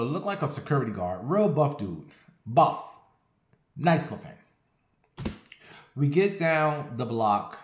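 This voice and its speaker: A man casually telling a personal story on his vlog, animated and profane, with sassy asides. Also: medium pitch, echoey room.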